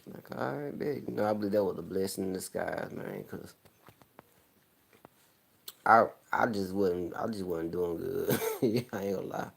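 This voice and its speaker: A man's voice: deep voice, fairly even intonation, normal speed, vocal fry, long pauses, husky. A young man from the American South with a country accent, chatting casually in a loose, rambling way, slurring words a little and laughing often. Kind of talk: casual chat.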